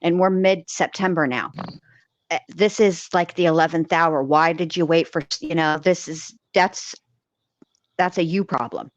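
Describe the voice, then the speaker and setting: A woman's voice: fairly low pitch, measured pace. A woman in casual conversation about a criminal case, rambling with fillers and restarts. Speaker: co-host discussing a criminal case. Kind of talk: casual chat.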